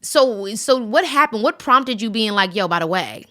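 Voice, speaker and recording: Playful lady host, bright punchy voice, slangy, dry studio sound. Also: medium pitch, animated, moderate pace, dry recording. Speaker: podcast host. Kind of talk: casual interview chat.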